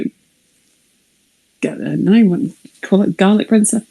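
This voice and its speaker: A middle-aged woman, telling a rambling personal story on a live stream, animated and swearing, sometimes dropping to a whisper. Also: fairly high pitch, moderate pace, vocal fry, rough recording. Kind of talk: casual anecdote on a live stream.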